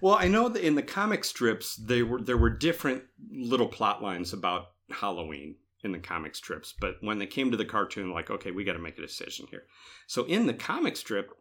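A man's voice: lowish voice, sing-song, moderate pace, few pauses, fairly bright tone. A man co-hosting a casual podcast about cartoons, talking animatedly with frequent laughter and acted-out character lines. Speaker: podcast co-host.

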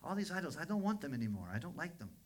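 A man's voice: sing-song, racing. A man doing an eager restaurant owner. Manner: broken earnest English, high and eager.

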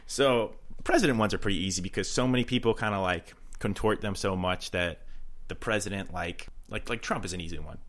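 A man's voice: on the low side, fairly quick, fairly bright tone. A man with a New Jersey accent chatting casually as a podcast co-host, joking and crude. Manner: joking, crude, riffs on impressions. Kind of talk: casual chat.

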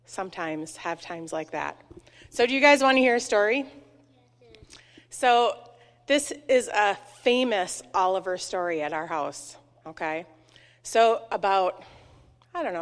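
Bright-voiced woman leading a children's message. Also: on the high side. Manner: lively, asks children questions. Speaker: children's message leader in church. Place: church sanctuary. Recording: long church reverb.

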